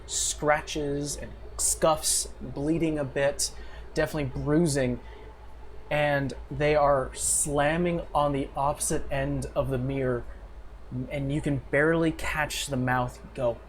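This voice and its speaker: A man's voice: a little high, steady tone, slow. A man running a tabletop game as game master, describing scenes with frequent fillers and restarts. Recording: faint background noise.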